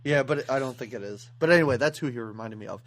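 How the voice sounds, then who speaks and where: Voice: medium pitch, quick pace. A podcast co-host chatting casually about an old movie, wry and sarcastic. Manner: wry, sarcastic, animated, quotes and mocks the film. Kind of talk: casual movie-review chat.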